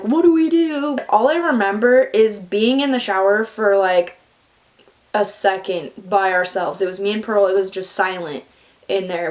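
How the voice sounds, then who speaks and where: A young woman telling a personal story in a casual, animated way, full of "like" and the odd swear word. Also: medium pitch. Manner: animated, fillers of "like", swears for emphasis.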